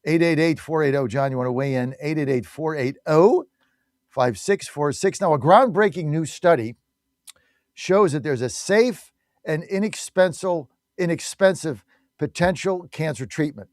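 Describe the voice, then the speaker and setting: A male talk radio host with a fairly high voice, hammering his points with blunt, mocking repetition. The sound is dry and close, with no room around it. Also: normal speed, a little mellow, no echo. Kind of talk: opinionated talk radio monologue.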